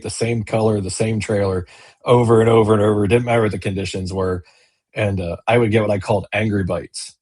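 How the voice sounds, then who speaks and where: Husky, lower-voiced male guest, casual and rambling, on a video call. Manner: rambling storyteller with many fillers and restarts. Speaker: business owner and kayak angler, guest. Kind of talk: casual interview chat.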